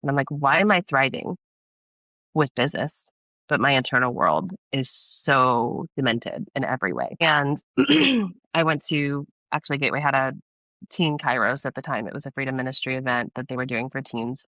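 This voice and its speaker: A young woman from Texas, a podcast guest, earnestly telling a personal story in a casual interview, animated and laughing often. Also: extremely low pitch, normal speed, no room sound.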